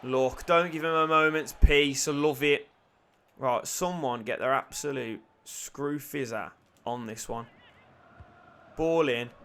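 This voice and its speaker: A young man commentating his own football video game, excitable, muttering and then shouting, swearing and joking. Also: medium pitch, measured pace, slight background noise. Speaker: gaming YouTuber. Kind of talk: live gameplay commentary.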